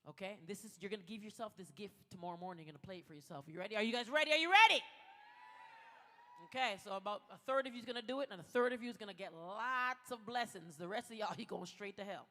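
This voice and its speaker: Bright-voiced woman speaking in an echoey hall. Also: mid-range voice, fast, few pauses, slight background noise. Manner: playful, joking, leads audience in mantras. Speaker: gala speaker. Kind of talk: motivational speech. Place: large event hall.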